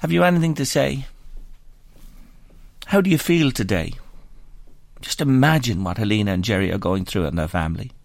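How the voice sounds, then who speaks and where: A man's voice: on the low side, animated, normal speed, vocal fry, pauses often, no room sound. An Irish man hosting a radio phone-in show, speaking earnestly and sombrely and reading out listener messages into a studio microphone. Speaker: radio talk show host.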